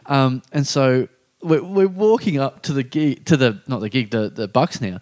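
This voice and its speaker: A man spins a story on a chatty podcast, his voice sitting a little on the high side. He talks in a loose, animated way, acting out the people in the story and swearing freely. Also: moderate pace, hardly any pauses. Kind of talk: casual storytelling chat.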